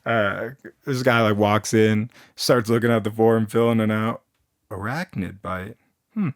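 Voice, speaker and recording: A man's voice: on the low side, measured pace, no echo, clean studio sound. A young man improvising rambling comic stories, full of fillers and frequent chuckles. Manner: rambling, chuckles between lines, lots of fillers. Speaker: storyteller.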